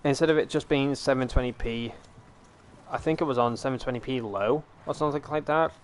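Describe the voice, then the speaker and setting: A young man with a British accent talks loosely to his viewers on a live stream. His pitch sits in the middle, and his delivery is relaxed and meandering, full of fillers and restarts. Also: a little fast, slight background noise. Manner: relaxed, rambling, filler-heavy. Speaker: streamer host. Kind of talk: casual live-stream chat.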